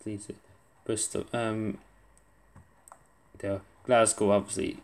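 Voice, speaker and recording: A man's voice: lowish voice, little pitch movement, takes it slowly, creaky, a little mellow. Muttering young man playing a quiz. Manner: muttering, self-deprecating, swearing under his breath. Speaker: gaming video creator. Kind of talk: casual gameplay commentary.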